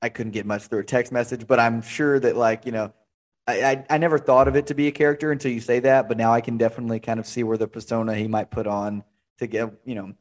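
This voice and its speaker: Young male podcast host, casual, rambling, mid-pitched. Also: steady tone, fast. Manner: chatty, rambling storyteller. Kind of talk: casual interview chat.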